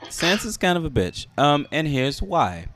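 A man's voice: fairly high pitch, very animated, unhurried, fairly bright tone. A man co-hosting a casual podcast, laid-back, often laughing and trailing off with fillers. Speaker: podcast co-host. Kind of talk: casual chat.

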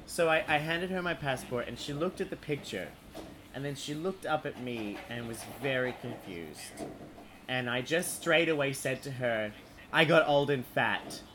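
A man's voice: medium pitch, moderate pace. Chatty man telling a funny story. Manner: animated anecdote-teller, laughs often. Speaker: podcast co-host. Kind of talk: casual chat, storytelling. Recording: noticeable background noise.

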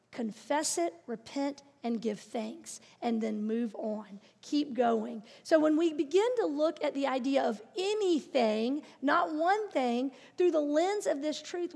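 High-voiced woman preaching in a reverberant hall. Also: gravelly, darkish tone. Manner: earnest and encouraging, with playful asides. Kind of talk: sermon. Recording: long reverb of a large hall.

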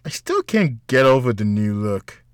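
A worn-out man, groggy and reluctant, halting over his words, as a male narrator puts him on. His lines are slow and dry, close to the mic. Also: mid-range voice, very animated, clear, resonant tone, dry recording. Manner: groggy, hesitant.

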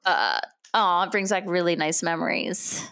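A woman's voice: on the low side, expressive, moderate pace, fairly bright tone, clean tone. A woman with an American accent, chatting as an interview guest and often breaking off to restart her sentences. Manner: chatty, many restarts and laughs. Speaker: actress guest. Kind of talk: casual interview chat.

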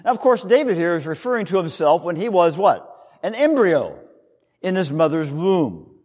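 A male pastor preaching a sermon, teaching in an explanatory way with emphatic rises and soft trailing drops. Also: sits high, big pitch swings, normal speed, in a large hall.

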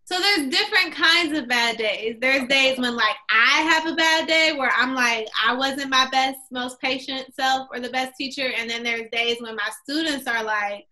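A young woman, a kindergarten teacher, telling animated stories in a casual podcast chat. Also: high-pitched, normal speed, few pauses. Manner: animated storytelling with quoted voices.

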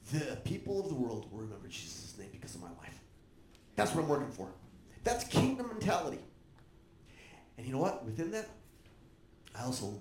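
Animated preacher man with a lively voice. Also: on the high side, reverberant, a little hiss or hum. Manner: animated, jokes with congregation. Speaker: pastor. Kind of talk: sermon.

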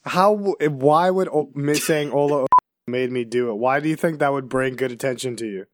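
A man's voice: mid-range voice, moderate pace. A man co-hosting a podcast in casual banter, asking questions, steering topics and repeating his phrases. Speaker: podcast co-host.

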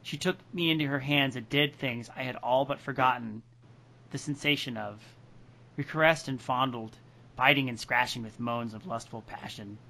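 A man co-hosting a podcast, reading part of a story and joking loudly and emphatically. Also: mid-range voice, normal speed, gravelly. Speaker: podcast co-host.

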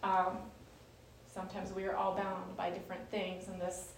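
A woman's voice: lowish voice, monotone, moderate pace, gravelly. A woman teaching scripture in an easy, conversational manner, circling back and restarting her sentences as she explains. Her voice carries a strong echo, as if from a hard-walled room, and she sits some distance from the mic with a faint hiss underneath. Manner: chatty and explanatory, with fillers and restarts. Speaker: Bible study leader.

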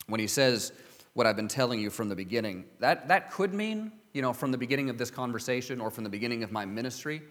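A man's voice: mid-range voice, fast talker, fairly bright tone. A man preaching a sermon, earnestly reading scripture and asking his listeners rhetorical questions. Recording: long hall reverb.

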